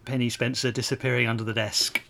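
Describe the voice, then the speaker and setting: A man's voice: mid-range voice, flat delivery, quick pace, creaky, background noise. Guy cohosting a movie podcast, chatty, lots of sort-ofs and you-knows. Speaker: podcast co-host. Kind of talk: casual chat.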